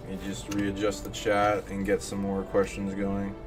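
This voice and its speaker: Low, flat man streaming casually, rambling, music playing underneath. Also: normal speed. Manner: rambling, many fillers and restarts. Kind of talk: casual live-stream chat.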